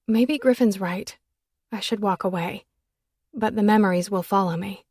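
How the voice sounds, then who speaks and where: A woman narrating a first-person romance audiobook in an intimate, emotional manner that turns breathy at its quiet moments. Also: medium pitch, moderate pace, no echo, clean studio sound.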